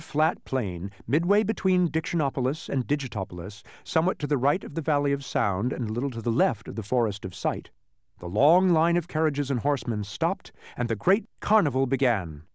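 A man narrating a children's storybook with a very lively, rising and falling voice. The recording is close and dry, and he reads it with plain enjoyment. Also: medium pitch, no room sound. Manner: expressive reading aloud.

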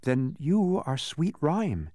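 A man's voice: on the high side, big pitch swings, normal speed, mellow, no room sound, clean studio sound, voice pushed up. A man reading aloud, voicing an earnest, thoughtful young boy in a storybook. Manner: earnest, apologetic.

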